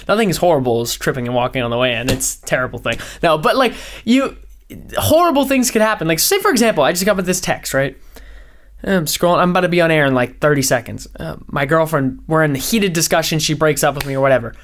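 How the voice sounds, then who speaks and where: A young man, a podcast host and former radio DJ, rambling in a fast, high-energy casual way with lots of "like" fillers. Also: a bit bright. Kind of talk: casual solo podcast rant.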